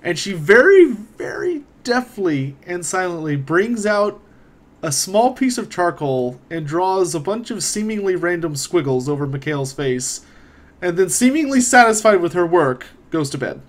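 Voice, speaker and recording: A man runs a tabletop game as its narrator, pausing often on ums and uhs. His voice sits a little higher than most men's. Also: very animated. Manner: hesitant, with many ums and laughs. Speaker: game master.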